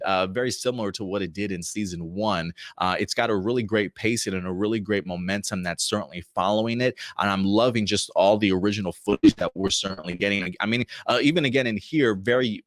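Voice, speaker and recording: Enthusiastic low-voiced man reviewing. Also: no room sound, studio quality. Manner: enthusiastic, rambling, with many restarts. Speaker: show host reviewing TV episodes. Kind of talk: casual review talk.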